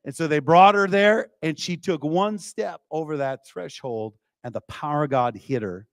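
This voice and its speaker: A male evangelist with a fairly high voice preaches a revival sermon, leaning on lively storytelling and calling out to the crowd. His voice is close and dry, with little room sound. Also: normal speed, no room sound. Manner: lively storytelling with call-outs to the congregation. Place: church.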